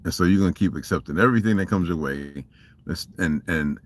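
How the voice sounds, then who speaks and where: A man with a Southern US accent hosts a livestream, ranting casually and profanely, emphatic and laughing often. His voice is low and a little fast.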